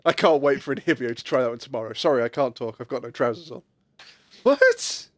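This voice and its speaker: A man's voice: mid-range voice, very fast, no room sound. A man streaming a game, chatting casually with friends and joking around. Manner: joking, laughs a lot, tells dad jokes. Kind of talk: casual gaming chat with friends.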